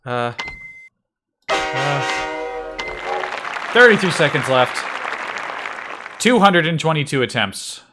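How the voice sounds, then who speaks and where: A man's voice: on the high side, expressive, takes it slowly, pauses often, over loud music, a loud crowd. A man streaming a video game, muttering to himself in wry, slightly frantic casual commentary.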